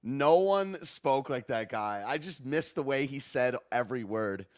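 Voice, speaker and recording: Animated, rambling podcast host man. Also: medium pitch, a little slow. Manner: excitable and rambling, lots of 'dude' and 'man', laughs often. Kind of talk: casual live-stream commentary.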